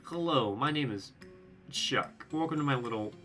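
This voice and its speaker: A man's voice: mid-range voice, expressive, bright, forceful tone, voice pushed up. A man voicing a creepy, grinning, hunched innkeeper who stresses words oddly, with game music underneath. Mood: creepy cheerful. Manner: slow, oddly emphasized words.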